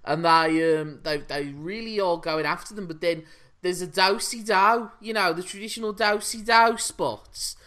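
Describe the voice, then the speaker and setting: A man's voice: high voice, moderate pace, bright, forceful tone. A man, co-hosting a podcast in a chatty, jokey way. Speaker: podcast co-host. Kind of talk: casual chat.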